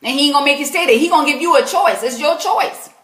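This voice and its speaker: A woman with a South Carolina accent coaches viewers live, her voice set a touch high. She talks in an emphatic, preachy way, answering the people writing in. The sound rings off the walls of an echoey room. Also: lively intonation, fast, fairly bright tone. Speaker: Christian life coach. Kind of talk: live Q&A advice stream.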